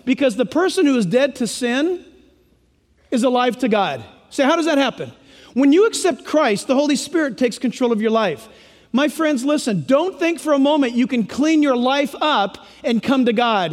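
A man preaching a sermon in an animated way, acting out quoted voices for humor. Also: very high voice, moderate pace, in a large hall.

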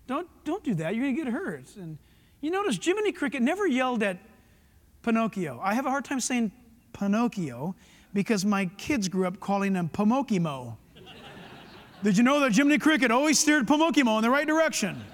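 A middle-aged man preaching a sermon as pastor, emphatic, with quick asides to the congregation. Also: extremely high pitch, fairly bright tone. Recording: long hall reverb.

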